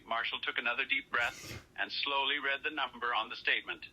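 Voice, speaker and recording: A man's voice: medium pitch, fairly even intonation, brisk, sharp tone, slight background noise, low-quality recording. A man on a call who narrates his character in the third person and then acts out his exasperated quoted lines. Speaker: scambaiter posing as a caller.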